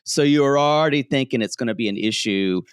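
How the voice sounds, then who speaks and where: A man's voice: mid-range voice, brisk, clean tone, dry recording, clean studio sound. A man co-hosting a podcast, recapping a show in casual chat and acting out lines with laughs. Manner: animated storyteller, acts out quotes, laughs often. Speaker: podcast co-host. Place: home, street noise outside.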